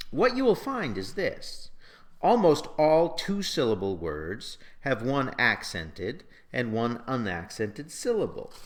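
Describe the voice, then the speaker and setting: Patient male poetry teacher, very lively pitch. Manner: explains slowly and patiently, sounding out syllables. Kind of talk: scripted lecture narration.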